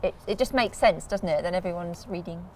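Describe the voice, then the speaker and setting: Lowish woman's voice, easygoing, a bit far from the mic. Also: a little fast, slight background noise. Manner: brief agreeing replies, easygoing. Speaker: vlog host. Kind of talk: casual chat.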